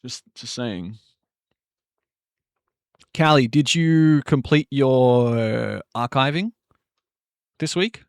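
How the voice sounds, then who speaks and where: A man's voice: medium pitch, lively intonation, very slow, gravelly, long pauses, smooth, no room sound, studio quality. A man in his forties, a streamer, casually chatting and ranting wryly while reacting to videos. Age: 40s. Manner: ranting, wry and exasperated.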